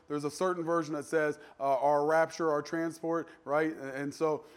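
A man preaching a sermon with a voice that sits a little high for a man. He talks in a loose, conversational way, dropping in joking asides. His pitch and volume leap up suddenly when he makes a point. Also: a little slow, clear, resonant tone. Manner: animated, with sudden jumps in pitch and loudness.

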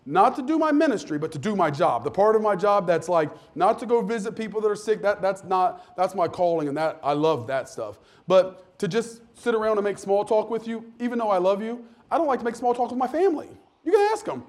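Candid, animated male pastor, slightly high voice. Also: brisk, few pauses. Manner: candid, self-deprecating, animated with many restarts. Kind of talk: conversational sermon. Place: church sanctuary.

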